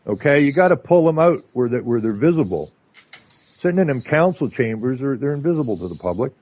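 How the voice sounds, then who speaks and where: A Canadian man talking casually as a radio guest, telling stories in an animated way with lots of filler words. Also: mid-range voice, a little fast. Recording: dull lo-fi line.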